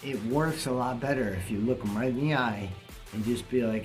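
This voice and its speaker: A man's voice: medium pitch, a little fast, faint music behind. A man talking bluntly and casually to camera in a vlog, cursing now and then. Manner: blunt, plainspoken, swears casually. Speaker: vlogger.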